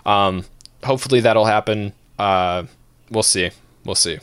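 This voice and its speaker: A man's voice: lowish voice, unhurried, clear, resonant tone, no echo. A man co-hosting a casual stream podcast, ranting with a lot of swearing. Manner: profane, animated ranting with laughs. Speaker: podcast co-host.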